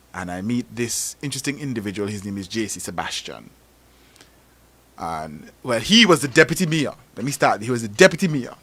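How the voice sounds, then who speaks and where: An Antiguan man with a fairly low voice hosts a talk show. He tells his stories with animated emphasis and climbs to forceful peaks when a point lands. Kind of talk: casual talk show discussion.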